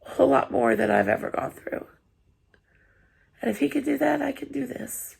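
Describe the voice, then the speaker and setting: A woman's voice: high voice, moderate pace, creaky. A woman vlogger, tearful after crying, talking earnestly and apologetically to her viewers, encouraging them. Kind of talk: heartfelt personal vlog talk.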